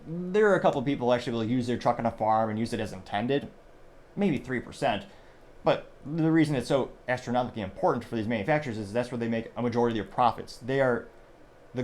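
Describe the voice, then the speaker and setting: Fast-talking man giving casual commentary. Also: mid-range voice, darkish tone, slight background noise. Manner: rambling, self-correcting, conversational. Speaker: show host.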